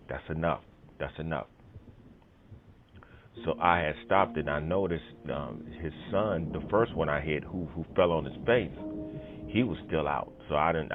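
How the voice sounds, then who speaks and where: A man with a very deep voice recounts a story in loose, casual talk, full of fillers and punchy spoken sound effects. He is heard through a thin, phone-like line, with clear music playing behind him. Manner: rambling storytelling with many fillers and emphatic "boom" sound effects. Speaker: channel host telling a personal story.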